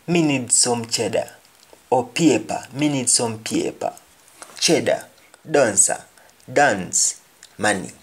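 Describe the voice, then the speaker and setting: A man with a Jamaican accent teaching a language lesson, repeating each phrase slowly and then translating it. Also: mid-range voice. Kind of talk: slow spoken language lesson.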